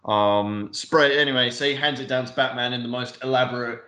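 Young man, bright forceful voice, rambling, sweary, podcast co-host. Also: mid-range voice, fairly even intonation, fairly quick. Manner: rambling, sweary, lots of fillers. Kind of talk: casual film review chat.

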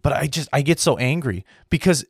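An American man giving a heated opinion monologue to his viewers, restarting sentences, clearing his throat often and tagging his points with "right?". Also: mid-range voice, lively intonation, brisk, dry recording, studio quality. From United States. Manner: heated, repetitive, frequent "right?" tags and restarts. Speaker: political commentary host.

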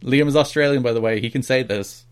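A man co-hosting a podcast in casual chat, talking in an animated, mocking way and often laughing. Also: mid-range voice, quick pace, smooth. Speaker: podcast co-host.

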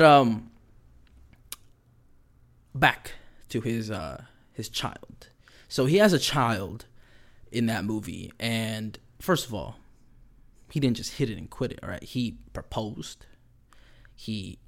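A man recapping a horror series in a casual, profane chat, with lots of fillers and acted-out quotes. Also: mid-range voice. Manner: loose and profane, lots of "like" and "you know"; acts out quoted characters while retelling. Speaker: pop culture commentator.

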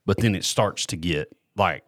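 Chatty man, low voice. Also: normal speed, a bit bright, no room sound. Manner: chatty, laughs often, restarts sentences. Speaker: podcast host. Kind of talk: casual chat.

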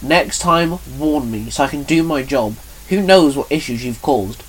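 A man's voice: a little high, lively intonation, measured pace, slight background noise, poor audio. A man reading as a furious female time guardian. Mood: calmer. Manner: growling, snapping. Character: furious woman time guardian, fierce and sharp.

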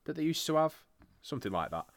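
A man's voice: on the high side, sing-song, quick pace, creaky, no echo. A man hosting a podcast in casual chat, swearing freely and laughing often. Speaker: podcast host. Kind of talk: casual chat, reviewing wrestling results.

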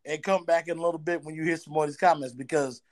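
A man's voice: a little high, fairly even intonation, fast. A man hosting a casual talk show, playful and speaking straight to his audience. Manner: playful, addresses audience directly. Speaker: show host.

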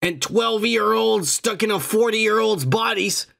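A man's voice: high-pitched, measured pace, creaky, fairly bright tone. A man hosting a podcast, trading crude, joking banter full of profanity. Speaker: podcast host. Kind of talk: casual podcast chat.

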